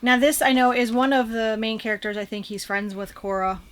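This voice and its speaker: Higher-voiced woman chatting with hesitant restarts. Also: fairly quick. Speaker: co-host. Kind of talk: casual unboxing chat.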